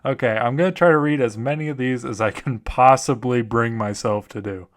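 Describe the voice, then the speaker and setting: Young male host, casual comedic reader, medium pitch, swears freely, laughs at the material. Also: brisk. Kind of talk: comedic story reading.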